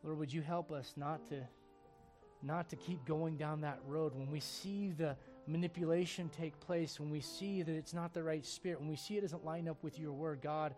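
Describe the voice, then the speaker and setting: A man's voice: fairly high pitch, steady tone, normal speed, darkish tone, soft background music. A man, a pastor, leading his congregation in an earnest, pleading closing prayer.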